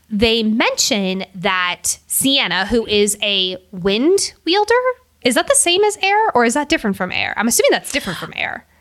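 A woman co-hosting a podcast, chatting casually about a book, animated, laughing often and swearing casually. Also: medium pitch. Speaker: podcast co-host.

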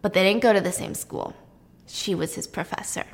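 A woman's voice: medium pitch, a little fast, vocal fry. A woman hosting, casually recapping a film in a chatty way while baking. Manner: chatty, laughs often, uses 'like'. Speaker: host.

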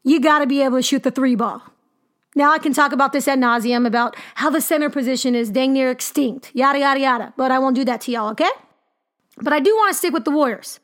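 A woman hosting a sports podcast, talking casually and emphatically about basketball with animated exclamations. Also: high-pitched, fast talker.

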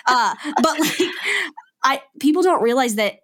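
A woman's voice: sits high, lively intonation, a little slow, fairly bright tone. A young adult woman co-hosting a podcast, talking in a casual, rambling way full of filler words. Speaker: podcast co-host. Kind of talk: casual chat.

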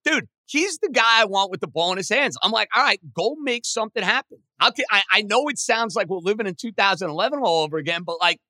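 A man hosting a sports podcast in casual, excitable talk. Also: quick pace, few pauses, dry recording. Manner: excitable, chatty, pitch jumps when animated.

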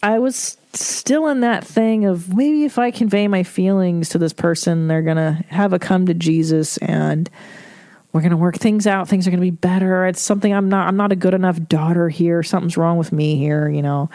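A woman's voice: on the low side, steady tone, normal speed, warm tone, no room sound. Candid swearing woman podcast host, dry. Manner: candid, swears freely, emotional; reads listener letters aloud. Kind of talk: casual advice podcast monologue.

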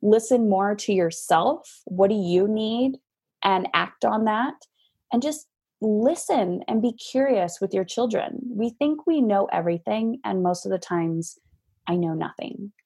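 A middle-aged woman with a slightly husky voice talks as a podcast guest. She tells stories casually and acts out quotes as she goes. She is heard over a video call. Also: medium pitch, a little slow. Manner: animated storytelling with acted quotes. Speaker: podcast guest, parenting coach. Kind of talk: casual interview talk.

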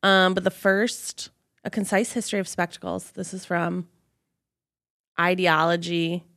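A woman's voice: fairly low pitch, flat delivery, measured pace, a bit bright. A woman hosting a podcast, chatting casually and telling stories animatedly with lots of "like". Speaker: podcast host. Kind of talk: casual chat.

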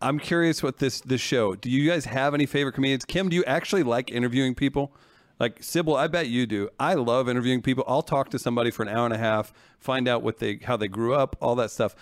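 A man hosting a podcast in casual chat, jokey and full of quick restarts. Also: medium pitch, no room sound. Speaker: podcast host.

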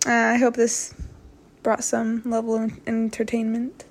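A young woman with a fairly high voice tells a story she sent in to a podcast. She talks in a chatty, self-mocking way, like she is recounting a wild teenage adventure to a friend. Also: completely flat delivery, slow pace, a little hiss or hum. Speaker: listener telling a story to a podcast. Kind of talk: casual storytelling.

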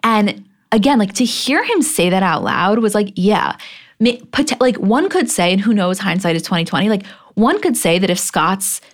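A young woman co-hosting a podcast in casual chat. She runs through scenes one after another, quotes lines and swears freely. Her voice sits at a middle pitch for a woman. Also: big pitch swings, normal speed. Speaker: podcast co-host. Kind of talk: casual chat recapping a reality show. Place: live podcast taping.

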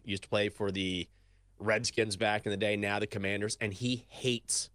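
A man co-hosting a sports talk show, chatting casually and telling animated stories. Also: normal speed, no room sound. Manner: animated storyteller, shifts pitch and pace often. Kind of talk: casual sports radio chat.

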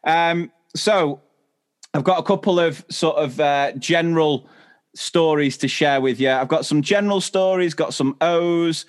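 A man's voice: a little high, a little slow, clean tone. A British man co-hosting a chatty podcast, reading listener stories aloud and often breaking into laughter. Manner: giggly, laughs often through his reading. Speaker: podcast co-host.

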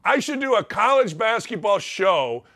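A man's voice: high voice, big pitch swings, moderate pace, pushed and bright. A man hosting a sports talk show, ranting bluntly and brashly in an opinionated monologue.

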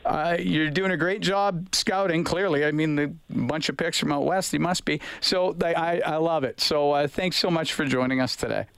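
A man hosts a sports radio talk show in a dry, close studio sound. His voice sits a little high, and he speaks with an enthusiastic, emphatic delivery. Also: moderate pace, vocal fry, hardly any pauses, fairly bright tone, clear, resonant tone, no echo.

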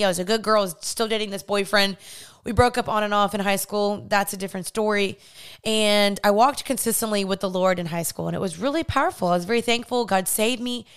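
A young woman tells her personal story on her podcast, animated and acting out the people she remembers. Her voice is smooth and clear, sitting at an ordinary middle pitch. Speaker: podcast host. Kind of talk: personal testimony monologue.

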